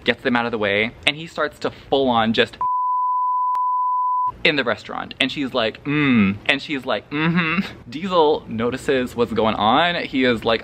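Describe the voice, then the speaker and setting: Man, book vlogger, bright forceful voice, animated, dramatic, crude humor. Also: mid-range voice, a little hiss or hum. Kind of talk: casual spoiler book review vlog.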